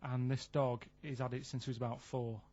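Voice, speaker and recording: A man chats on a radio show, rambling through a story in a plain, deadpan voice. His middle pitch carries no flourish. The broadcast recording sounds dull and lo-fi. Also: brisk. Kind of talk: casual radio chat, storytelling. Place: radio studio.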